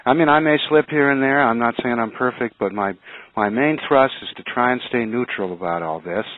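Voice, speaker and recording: A man's voice: medium pitch, brisk, no room sound. A man co-hosting a radio talk show, speaking earnestly with frequent hesitations and restarts. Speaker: radio show co-host, museum curator. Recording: tinny phone-line radio audio.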